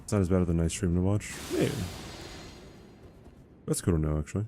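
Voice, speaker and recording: A man's voice: sits low, expressive, a little fast, mellow, faint music behind. Laid-back male streamer chatting while playing. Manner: chatty, rambling, answers chat questions. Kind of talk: casual live-stream chat while playing.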